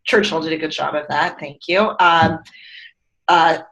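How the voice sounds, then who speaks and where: A woman's voice: deep voice, unhurried, lo-fi sound. A middle-aged woman, a company founder, telling stories earnestly and expressively in a conversational interview. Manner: earnest, expressive storyteller, tearing up.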